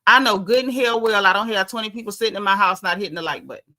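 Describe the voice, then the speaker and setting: A woman's voice: medium pitch, fast, pushed and bright. A woman with a Southern US accent hosting a casual livestream, talking bluntly and sassily while reading out viewer comments. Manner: sassy, blunt, chatty with dialect. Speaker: livestream host.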